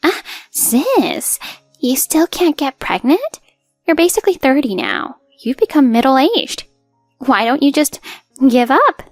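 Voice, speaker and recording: A high, sugary voice belongs to a smug, spoiled teenage girl, as a woman narrator puts her on. She talks in a cutesy, mocking way over faint music, close and dry. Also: sing-song, slow, no echo, full character voice. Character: spoiled bratty teenage younger sister, sassy and smug.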